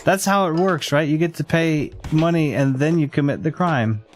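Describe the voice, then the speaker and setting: Man streamer, casual gameplay talk, laughs a lot, thinks aloud, a bit higher voice, music in the background. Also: normal speed. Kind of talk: casual let's-play commentary.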